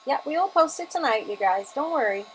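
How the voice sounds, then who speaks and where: A woman's voice: high-pitched, lively intonation, fairly quick, a little hiss or hum. A woman teaching a live-streamed mixed media art class, chatty and enthusiastic as she demonstrates. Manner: chatty and enthusiastic, gushing over colors.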